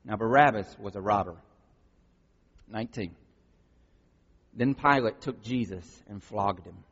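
A man preaching a sermon, reading scripture with acted voices and blunt asides, with a raspy voice. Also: fairly low pitch, a little slow, a bit bright. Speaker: pastor. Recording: dull recording in large echoing hall.

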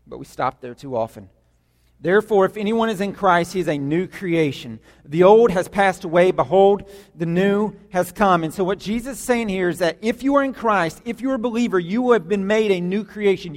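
A man preaching a sermon as pastor, emphatic, repeating words for stress, in a church sanctuary. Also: sits high. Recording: long hall reverb.

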